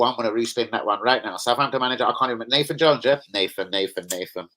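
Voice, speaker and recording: A man chatting excitably as a football fan vlogger, full of slang and swearing. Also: medium pitch, fast, rough recording. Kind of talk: casual fan chat.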